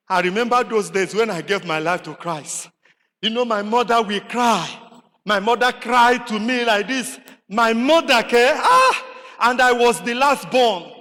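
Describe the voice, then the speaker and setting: Nigerian preacher guy, bright sharp voice, shouts and rhetorical questions, long echo in a chapel. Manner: animated, rising to shouts then dropping low, with rhetorical questions. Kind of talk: sermon. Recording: long hall reverb in a chapel.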